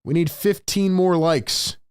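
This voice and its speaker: A man hosting a live play-by-play reaction stream. He swings between hyped shouting and frustrated muttering and repeats lines for emphasis. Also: high-pitched, slow pace, clear, resonant tone, dry recording, clean studio sound. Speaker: sports stream host.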